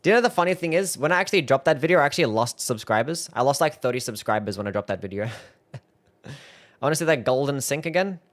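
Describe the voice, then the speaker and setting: A man's voice: medium pitch, lively intonation, fast talker. A young man streaming live, reacting to his own old videos, laughing, swearing and mocking himself.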